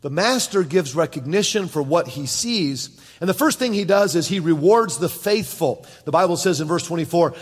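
A man's voice: sits high, lively intonation, moderate pace. Man preaching in an echoey church. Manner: preaching with quoted voices and asides to the congregation. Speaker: pastor. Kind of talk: sermon.

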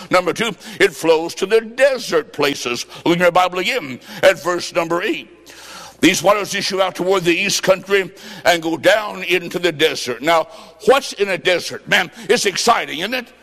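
High, gravelly-voiced preacher in a big hall. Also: male voice. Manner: storytelling preacher, acting out both sides of a conversation; jokey, emphatic, swings between loud and soft. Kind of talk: sermon.

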